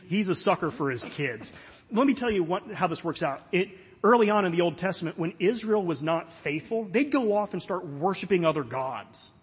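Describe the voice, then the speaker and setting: A man's voice: a little high, breathy edge. A middle-aged man from Florida preaching a sermon, earnest and conversational with touches of humor. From Florida, USA. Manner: conversational, earnest, with light self-deprecating humor. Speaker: pastor. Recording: long hall reverb.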